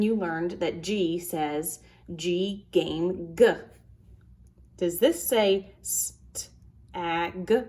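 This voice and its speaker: A woman teaching a phonics lesson to third graders, sounding out letters and words slowly and carefully. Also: on the low side, darkish tone.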